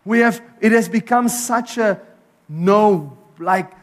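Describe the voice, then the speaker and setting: A man preaching a sermon and leading a closing prayer, impassioned, with emphatic repetition that swings between strong declarations and soft, low prayer. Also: slow. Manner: impassioned, emphatic repetition, rising to near-shouts then dropping soft. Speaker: pastor. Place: church service.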